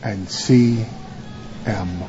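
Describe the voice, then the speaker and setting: An actor playing a smooth-talking wrestling manager, pleading and fawning in a televised backstage promo, played back from a broadcast. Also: male voice, fairly low pitch, very slow, muffled recording, music in the background. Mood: scheming.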